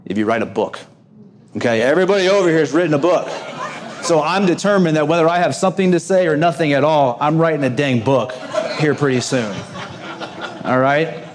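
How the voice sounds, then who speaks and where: A middle-aged man with a twang speaks to a packed room of business owners. He keeps it loose and self-mocking, teasing the crowd in an easy conversational way. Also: on the high side. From Texas. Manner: self-deprecating, jokey, conversational. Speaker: graduation speaker. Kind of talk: humorous speech to a live audience. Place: banquet room before an audience.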